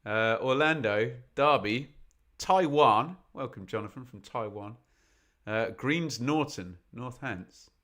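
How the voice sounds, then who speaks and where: A man hosts a live football stream with a bright, forceful tone. He chats and jokes casually, breaking into quick bits of song while reading out messages, his voice at a medium pitch through a desk mic. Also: lively intonation. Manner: chatty, jokey, bursts into snatches of song. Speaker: football watch-along host.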